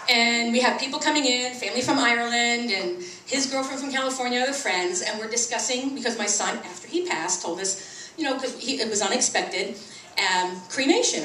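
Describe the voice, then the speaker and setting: A woman's voice: brisk, slight background noise. A middle-aged woman performing stand-up comedy at an open mic, telling stories and acting out what people said. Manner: animated, acts out quoted voices with big pitch jumps. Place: small tea house open mic. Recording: roomy sound, from far off the mic.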